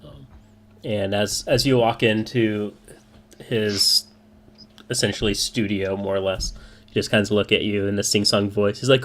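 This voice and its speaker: A man running a tabletop roleplaying game as dungeon master, talking in a relaxed, joking way with many fillers. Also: fairly low pitch, normal speed.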